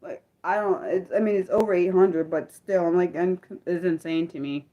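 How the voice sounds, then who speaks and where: A woman's voice: on the low side, steady tone, normal speed, warm tone, lo-fi sound. A young woman from the United States hosting an unscripted livestream, rambling with many fillers and restarts as she chats with viewers. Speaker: livestream host.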